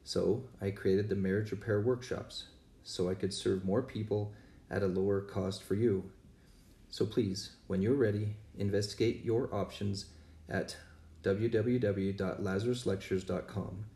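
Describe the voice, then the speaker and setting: A man reading a measured, scripted promo intro, recorded from a distance in a roomy space. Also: lowish voice, fairly even intonation, vocal fry, dark tone. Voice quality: measured, spells things out slowly. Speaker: podcast host.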